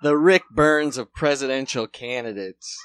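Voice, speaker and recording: A man's voice: mid-range voice, a little slow, fairly bright tone, clean tone, dry recording. A man co-hosting a podcast, rambling sarcastically and swearing a lot in casual chat. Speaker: podcast co-host.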